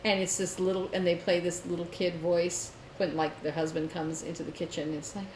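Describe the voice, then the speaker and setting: A woman co-hosting a casual chat show, telling stories in an animated way and laughing often. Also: on the low side, brisk, few pauses. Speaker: podcast co-host. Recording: roomy echo, faint noise.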